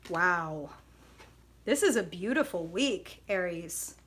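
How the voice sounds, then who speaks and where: A woman's voice: lowish voice, animated, slow, fairly bright tone, slightly rough. A woman hosting a live tarot stream, bubbly and chatty, greeting viewers by name and laughing often.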